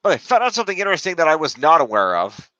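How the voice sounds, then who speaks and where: A man co-hosts a casual podcast, rambling through recaps and tallying points aloud. His pitch moves around a lot as he talks. He is recorded on a dull, lo-fi microphone with a dry sound. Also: huge pitch swings, very fast, sharp tone, dry recording. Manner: rambling, counts points aloud, trails off while looking things up. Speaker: podcast co-host scoring a fantasy league. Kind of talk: casual chat.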